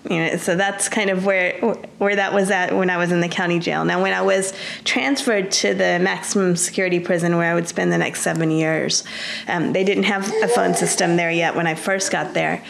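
A woman with a lowish, gravelly voice recounts her own past as an interview guest. She talks earnestly and plainly, often backing up to restart a sentence. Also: fairly even intonation, normal speed, crowd noise. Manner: earnest storytelling with frequent restarts. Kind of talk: personal testimony.

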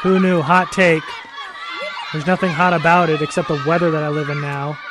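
A man doing a shouting, laughing impression of a brash male podcaster. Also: on the high side, level tone, moderate pace, crowd noise, voice pushed down, lightly acted. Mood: mocking. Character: loud brash male podcaster mocking a rival.

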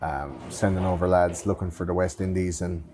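A man's voice: sits low, fairly even intonation, normal speed, warm tone, a little hiss or hum. A man hosting a podcast, chatting loosely with sarcastic jokes and swearing. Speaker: podcast host. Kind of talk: casual podcast chat.

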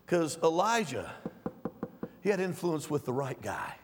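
High-voiced preacher in a reverberant hall. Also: male voice, measured pace. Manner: swings from low calm teaching to loud pleading preaching. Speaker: pastor. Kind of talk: sermon. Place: church sanctuary.

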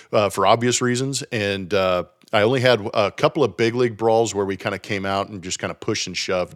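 Brief: man from Southern California, former ballplayer, lowish voice, animated storytelling full of fillers. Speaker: former professional baseball player. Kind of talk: casual podcast chat.

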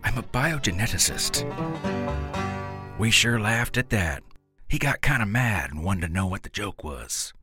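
A man's voice: fairly low pitch, animated, moderate pace, music in the background. A man reading a first-person story aloud in a folksy, drawling rural dialect. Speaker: narrator.

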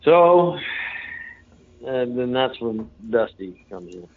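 A man tells a long story in a loose, folksy way, full of fillers and restarts. He sits at an ordinary, middling pitch. The sound is narrow and tinny, like a phone line. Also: very animated, slow. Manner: rambling, folksy, lots of fillers. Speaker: interview guest. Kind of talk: casual storytelling.

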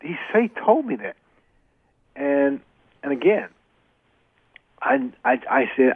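Gravelly man on a tinny phone line. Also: medium pitch, very animated, unhurried, long pauses, no room sound. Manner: earnest, repeats phrases for emphasis. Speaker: retired boxer, guest. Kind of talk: interview storytelling.

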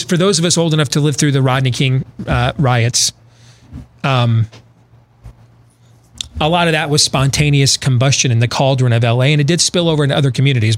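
A middle-aged man hosting a talk show, giving blunt, emphatic opinions and repeating phrases for emphasis. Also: mid-range voice. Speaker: host. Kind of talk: casual political talk radio banter.

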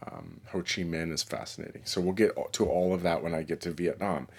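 A man hosting his own podcast, talking in a relaxed, reflective way with pauses and fillers. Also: low voice, vocal fry, slightly rough. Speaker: podcast host and musician. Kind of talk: casual solo podcast monologue. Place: New York City.

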